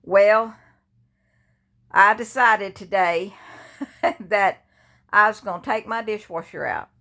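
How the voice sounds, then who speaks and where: Speaking slowly in a medium-pitched, slightly bright voice, an older grief vlogger chats from her bed indoors, holding her phone at arm's length. Her personal vlog is casual and rambling, full of restarts.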